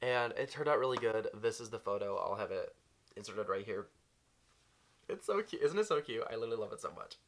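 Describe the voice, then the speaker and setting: A young man with a lowish, slightly bright voice tells a storytime vlog at a quick pace. He's bubbly and gushing, saying "like" in nearly every line.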